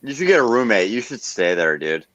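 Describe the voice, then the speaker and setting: A man's voice: on the low side, very animated, brisk, fairly bright tone, dry recording, lo-fi sound. A man hosting a casual stream chat, blunt and swearing constantly. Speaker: stream host. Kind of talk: casual profane group chat.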